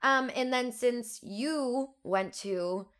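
A woman's voice: a little high, slow pace, a bit bright. A woman in her twenties, co-hosting a podcast in a bubbly, giggly way and swearing casually. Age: 20s. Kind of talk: casual chat.

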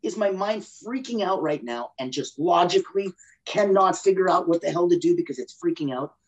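A man's voice: high-pitched, expressive, normal speed, muffled recording. A man as a guest on a podcast interview, explaining with energy and acting out inner voices. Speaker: guest expert.

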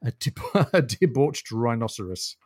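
A man's voice: medium pitch, animated, a little slow, darkish tone, breathy edge, no room sound. A man co-hosting a casual book discussion podcast, thoughtful and explanatory, often chuckling as he talks. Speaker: podcast co-host.

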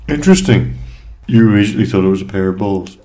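A man co-hosting a casual podcast chat, halting and repeating words, with dry sarcasm. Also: on the low side, lively intonation, dark tone. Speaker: podcast co-host.

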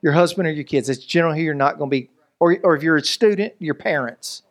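A man, preaching a lively, joking sermon as pastor. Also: a little high, quick pace. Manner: animated, joking, preacherly delivery with voices and asides.

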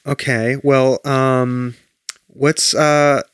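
A man's voice: mid-range voice, flat delivery, drawn-out words, clear, resonant tone, no room sound, clean studio sound. A man co-hosting a podcast in casual chat, rambling and swearing freely as he tells stories. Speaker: podcast co-host.

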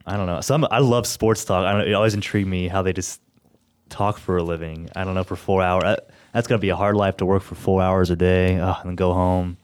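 A man's voice: low-pitched, level tone, quick pace, clear, resonant tone, dry recording. A young man from Tennessee, hosting a radio show in casual, rambling chat and laughing easily. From Tennessee, USA.

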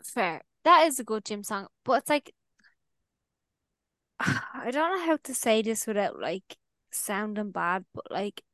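A young woman, co-hosting a podcast in casual chat, chatty and laughing easily between quick asides. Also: medium pitch, a bit bright, dry recording, studio quality. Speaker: podcast co-host.

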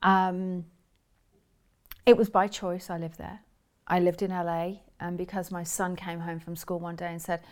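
A woman in her forties, a spiritual teacher telling her story in an interview, earnest and rambling, with many restarts, and going soft and hushed over personal memories. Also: fairly low pitch, little pitch movement, a little slow, clean tone. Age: 40s.

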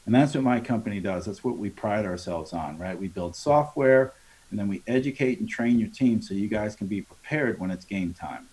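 A man's voice: on the low side, animated, normal speed, a little mellow, slightly rough. A man training contractors on sales in an interview, speaking in a coaching tone, acting out customer dialogues and often adding "right?". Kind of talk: conversational podcast interview.

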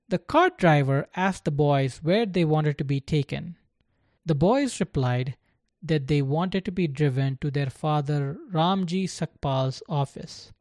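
A narrator reading a story aloud in a slow, deliberate scripted style. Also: medium pitch, a little mellow, no room sound, studio quality.

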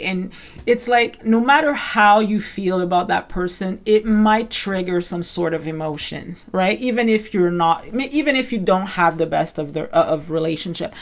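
A woman's voice: on the low side, animated, normal speed. Chatty woman recapping with many fillers. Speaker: podcast host. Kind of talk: casual recap commentary.

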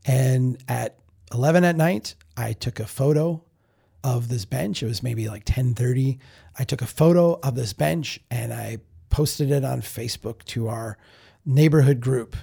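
A man with a gravelly, very husky voice and a dark, mellow tone tells a personal story on a podcast. He talks in a candid, self-reflective way, often restarting sentences and repeating words as he thinks aloud. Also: medium pitch, a little slow. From Minnesota. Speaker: podcast host. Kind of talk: casual storytelling monologue.

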